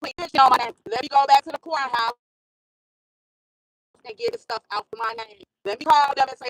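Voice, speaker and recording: This is a woman with a high, bright-sitting voice, recorded close and dry. She vlogs casually about her own life, pressing her points hard and repeating lines to drive them home. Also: expressive, a little fast, dry recording, low-quality recording. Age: adult with a school-age son. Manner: emphatic, repeats phrases for stress. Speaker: vlogger. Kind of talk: casual storytelling monologue.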